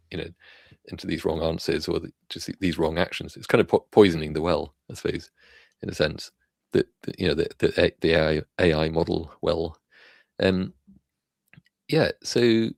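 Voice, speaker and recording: Deep gravelly-voiced male stream host. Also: a little mellow, no room sound. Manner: rambling, many fillers and restarts. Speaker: livestream host. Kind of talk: casual live news chat.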